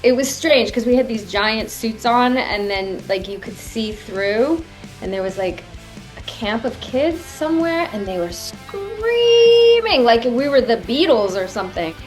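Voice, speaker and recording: A woman's voice: medium pitch, moderate pace, faint music behind. A middle-aged woman speaking as an interview guest, candid and emotional. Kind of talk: casual interview chat.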